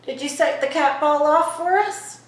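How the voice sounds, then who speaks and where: A woman vlogging in her home kitchen. She asks a spirit hushed questions and turns to viewers with excited asides. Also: high voice, moderate pace, reverberant, poor audio. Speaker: vlogger host. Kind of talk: casual paranormal vlog.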